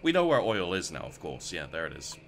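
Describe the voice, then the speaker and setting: Man, lower voice, swooping lively delivery, rambling gameplay commentary, noisy home recording. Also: fairly quick. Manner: rambling, self-mocking, talks to himself while playing. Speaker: let's play gamer.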